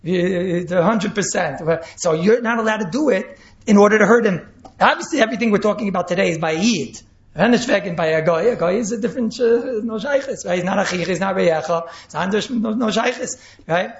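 A male rabbi teaches an animated Torah class and acts out what people say. His voice sits high and carries a gravelly edge. The recording is roomy and echoey, with a muffled, lo-fi sound. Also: fairly quick. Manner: animated, acts out quotes, mixes in Yiddish and Hebrew terms. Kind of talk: Torah class on speech ethics. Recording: echoey room, dull lo-fi sound.

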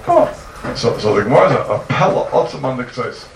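A man teaching a yeshiva-style Talmud class to students, animated and firing rhetorical questions at them. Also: mid-range voice, brisk, creaky. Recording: roomy, distant mic, noisy ambience.

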